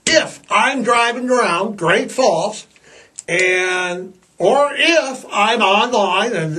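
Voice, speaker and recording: A man's voice: sits high, a bit bright, distant mic. Blunt, rambling man podcast host. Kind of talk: casual podcast monologue.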